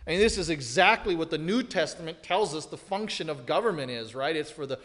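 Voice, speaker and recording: A man preaching an expository sermon as pastor, emphatic, swinging from loud declarations to hushed, serious lines. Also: on the high side, animated, fairly quick. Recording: long hall reverb.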